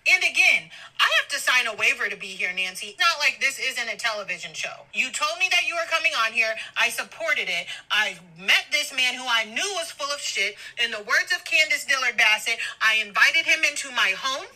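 A woman's voice: a little high, expressive, brisk, few pauses, bright, forceful tone, low-quality recording. A woman recording a heated, profane voice note on her phone while stopped on a road trip. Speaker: podcast guest sending voice notes. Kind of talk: ranting voice note. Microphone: phone voice memo.

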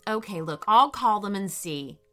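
A woman doing a gentle, fussing mom. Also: medium pitch, lively intonation, moderate pace, soft background music. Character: kind caring mother.

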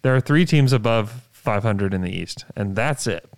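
A man's voice: lowish voice, animated, normal speed, dry recording. Man, sports podcast co-host, emphatic, stat-heavy, dry sound. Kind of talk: casual sports chat.

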